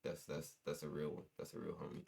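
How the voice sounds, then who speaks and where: A man's voice: very deep voice, completely flat delivery, fast, creaky, darkish tone. A young man, a guest musician, telling stories in loose, slangy casual chat with lots of restarts.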